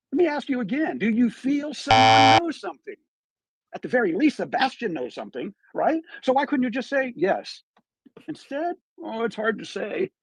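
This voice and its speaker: A man's voice: sits high, husky, dry recording, rough recording. A man giving true crime commentary on a live stream, emphatic and full of rhetorical questions, played back from his stream.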